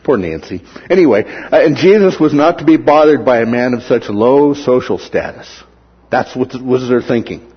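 Man, sermon, very husky, muffled recording, animated. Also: mid-range voice, normal speed. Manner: animated, acts out the characters' words. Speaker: preacher.

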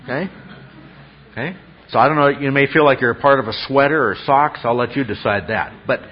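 A man's voice: mid-range voice, fairly quick. A man preaching an expository sermon as a pastor, teacherly, often checking in with rhetorical questions. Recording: dull lo-fi sound.

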